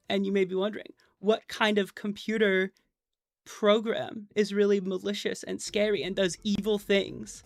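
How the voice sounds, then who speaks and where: A nervous woman with stage fright streams at her computer, talking into a desk mic with faint game music behind her and no room sound. Her medium-pitched voice barely moves and her pace is unhurried as she rambles, jokes at her own expense, and fills her speech with fillers and restarts.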